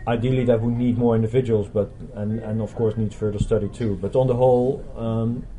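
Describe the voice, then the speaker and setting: A man's voice: lowish voice, steady tone, a little fast, mellow, soft background music, rough recording. A man speaking as a scientist guest in a casual conversation over a meal, hesitant and full of fillers and restarts. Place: busy restaurant.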